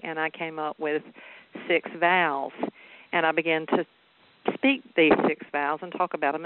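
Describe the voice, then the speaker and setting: A woman with a Southern US accent, a guest speaker in a phone interview, talking chattily and expressively. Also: sits low. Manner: chatty and expressive, laughs often. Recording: tinny phone line.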